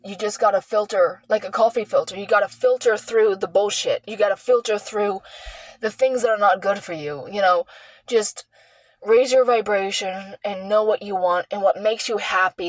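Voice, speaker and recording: A young woman telling a candid personal story, earnest and heartfelt, with halting restarts and sighs. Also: mid-range voice, no room sound, rough recording. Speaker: vlogger sharing a personal story.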